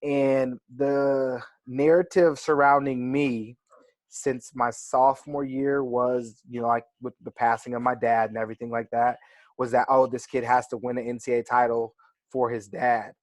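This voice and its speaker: A man's voice: medium pitch, little pitch movement, moderate pace, no room sound. A young man, a wrestler, telling stories in a casual interview, reflective and full of fillers like "like" and "right". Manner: reflective, storytelling with many fillers. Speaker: wrestler guest.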